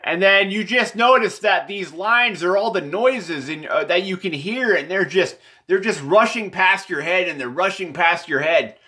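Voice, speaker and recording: Rambling bright-voiced man explaining drawings. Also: sits high, moderate pace, hardly any pauses, husky. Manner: meandering, repetitive, self-correcting. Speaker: presenter explaining his drawings.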